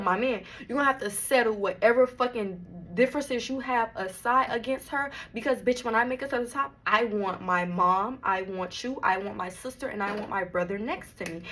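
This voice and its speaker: A woman's voice: a little high, normal speed, few pauses, a bit bright. A young woman vlogger, telling a storytime in a blunt, emphatic way and swearing freely. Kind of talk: storytime vlog.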